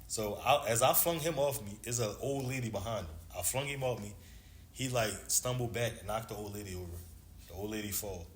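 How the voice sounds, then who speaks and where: Low-voiced guy in his 30s telling a story all slangy and loose, echoey room with a bit of hiss. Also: a little fast. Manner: laid-back slangy storyteller, acts out dialogue. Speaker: interview guest, former basketball player. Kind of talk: casual storytelling. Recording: echoey room with faint background noise.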